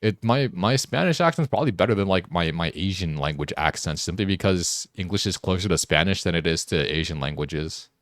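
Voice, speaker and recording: A man's voice: low-pitched, expressive, brisk, hardly any pauses, a bit bright, dry recording, studio quality. A young man streaming a game, chatting casually and teasing a friend in joking banter, often restarting his sentences. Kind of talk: casual chat while gaming.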